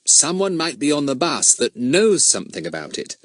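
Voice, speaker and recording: A man voicing a clever, self-assured boy who leads a group of young sleuths, talking brisk and sure. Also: mid-range voice, huge pitch swings, no echo, pitched above the performer's own voice. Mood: confident.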